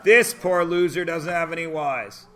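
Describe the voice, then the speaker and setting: A man's voice: a little high, unhurried, fairly bright tone. A man teaching a math class, joking and punning, quizzing students with call-and-response. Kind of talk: classroom lecture.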